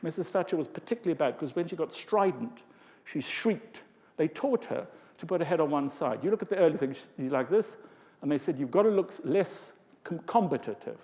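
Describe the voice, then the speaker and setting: Older man, conference speaker, slightly high voice, long hall reverb, animated lecturing. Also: brisk. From England. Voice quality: expressive, lively delivery with vocal demonstrations and asides. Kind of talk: lecture to a live audience.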